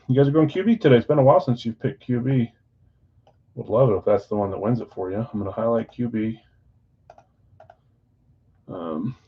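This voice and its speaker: A man's voice: medium pitch, gravelly. A man hosting a live sports card break stream, chatting casually with viewers and reading their comments aloud. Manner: chatty, counts down excitedly, reads viewer chat. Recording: slightly dull lo-fi stream audio.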